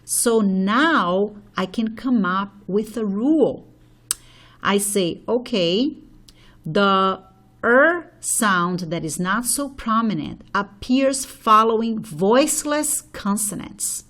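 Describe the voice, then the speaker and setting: A woman's voice: medium pitch, animated, slow, a bit bright. A woman teacher explaining a phonology problem step by step, checking in with "okay?" as she writes. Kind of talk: phonology lesson at a board.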